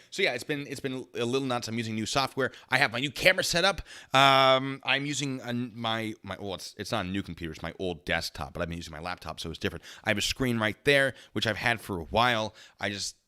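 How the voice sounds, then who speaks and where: Bright-voiced man rambling on a livestream. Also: fairly low pitch, fast talker. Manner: rambling, thanks donors by name. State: a little out of breath. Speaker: livestream host. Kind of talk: casual livestream chat.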